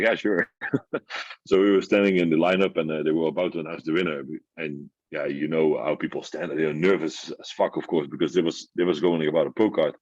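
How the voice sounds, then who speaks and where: Deep voiced dutch guy rattling off a story, laughs a lot, dull dry lo-fi sound. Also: no echo. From Netherlands. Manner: lively, excited, laughs often, many fillers. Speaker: guest bodybuilder. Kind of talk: casual storytelling.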